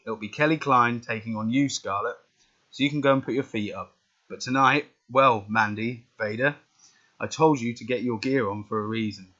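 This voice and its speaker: A man's voice: medium pitch, pushed and bright. A man reading out the lines of a brash male wrestling authority figure, announcing in a plain voice. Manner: read aloud plainly, announcing. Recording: dull lo-fi recording.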